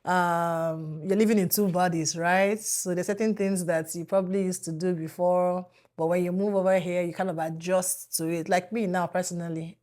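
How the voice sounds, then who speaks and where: A woman's voice: lowish voice, steady tone, normal speed, darkish tone. Igbo-accent lady on a panel, candid and personal. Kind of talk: casual panel chat.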